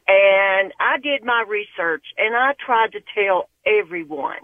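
A woman from Tennessee with a Tennessee accent, calling in to a radio show, slow and earnest. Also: medium pitch, animated, no room sound. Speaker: caller. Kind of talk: phone call to radio show. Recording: tinny phone line.

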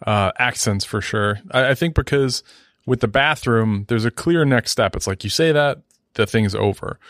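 A man in a casual podcast chat, calmly explaining his reasoning. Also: mid-range voice, normal speed, no room sound, clean studio sound.

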